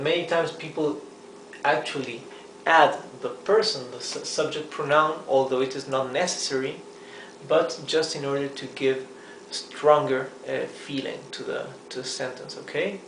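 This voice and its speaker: A man teaching a language lesson at a whiteboard, explaining patiently, checking in with "okay?" and "right?", and repeating words slowly. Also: mid-range voice, fairly even intonation, roomy sound, slight background noise, rough recording. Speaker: Spanish teacher.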